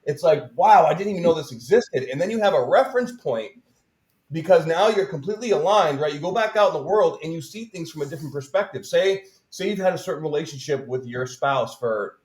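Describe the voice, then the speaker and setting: A man's voice: fairly high pitch, animated, fairly quick, a little mellow. A man earnestly explaining a healing practice in casual interview talk, often checking in with "right?". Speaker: guest healer. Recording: roomy echo.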